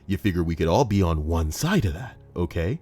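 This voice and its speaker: A young man hosts a comedic commentary, reading online stories aloud, swearing, joking and slipping into mock voices. His voice is low-pitched, mellow and sing-song, brisk, with faint music behind him.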